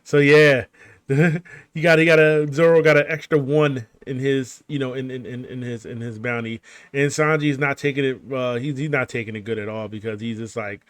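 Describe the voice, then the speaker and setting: A man's voice: mid-range voice, fairly even intonation, moderate pace, no echo. Rambling man with a dry close sound. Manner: rambling, filler-heavy, frequent restarts and chuckles. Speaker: gaming channel host recapping a manga chapter. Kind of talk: casual spoken recap over gameplay.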